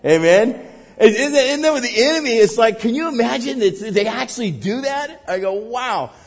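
A male pastor preaching a sermon with animated energy. He acts out little scenes and keeps asking "right?" and saying "man.". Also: very high voice, moderate pace, big-room sound.

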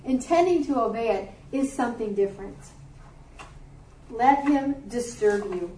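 A woman's voice: a little high, animated, unhurried, warm tone, reverberant, far from the mic, poor audio. A middle-aged woman giving a sermon to a group, earnest and conversational, with offhand asides. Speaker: Bible teacher. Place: warm room with a group.

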